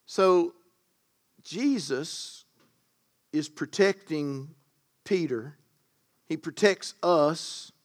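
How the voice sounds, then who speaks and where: A man delivers a sermon in a slightly higher voice, unhurried and deliberate. He punches the important words with a sudden lift in volume, then drops back into relaxed, conversational asides to his listeners. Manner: emphatic, rising to loud stresses on key words. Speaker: preacher.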